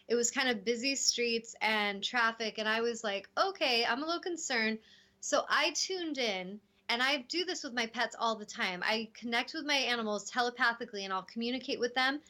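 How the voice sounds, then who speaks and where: A woman hosting a casual spiritual talk show, telling stories with lively acted-out quotes. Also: fairly high pitch. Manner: animated storytelling, acting out voices in quotes. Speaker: host.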